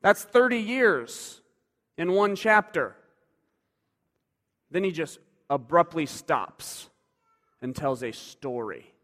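A male preacher giving a sermon in a conversational way, moving between loud emphasis and quiet asides. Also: a little high, expressive, slow pace, long pauses. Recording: long hall reverb.

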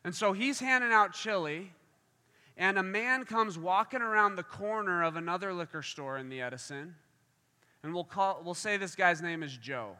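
A man's voice: high voice, normal speed, clean tone. A man preaching a sermon, telling a story and acting out the voices in it. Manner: animated, acts out voices in stories. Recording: long hall reverb.

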